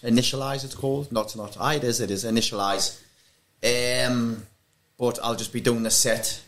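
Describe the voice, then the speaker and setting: A man's voice: medium pitch, fairly even intonation, moderate pace, fairly bright tone. Hesitant man. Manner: rambling, hesitant, many fillers. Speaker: rave MC, podcast guest. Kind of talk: casual podcast chat.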